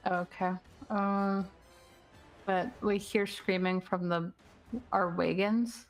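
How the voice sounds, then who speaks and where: Slow-spoken woman playing a tabletop game. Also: medium pitch, fairly even intonation, soft background music. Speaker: player. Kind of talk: tabletop role-play chat.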